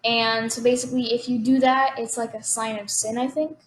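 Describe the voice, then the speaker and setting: A woman's voice: a little high, flat delivery, brisk. A woman co-hosting a podcast, explaining hesitantly and filling her sentences with "like". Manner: hesitant, heavy use of "like". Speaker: podcast co-host. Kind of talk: casual podcast chat. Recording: roomy echo with faint background hum.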